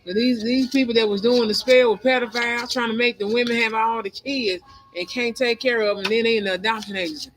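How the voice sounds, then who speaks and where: A woman's voice: a little high, fairly even intonation, quick pace, low-quality recording. A woman hosting a spiritual channel, rambling through a conspiratorial monologue and laughing between her thoughts. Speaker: tarot and spiritual channel host. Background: music playing.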